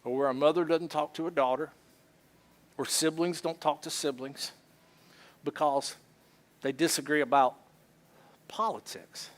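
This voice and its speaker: A male pastor preaching a sermon, animated and acting out both sides of everyday arguments. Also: fairly high pitch, measured pace, long pauses. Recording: church service.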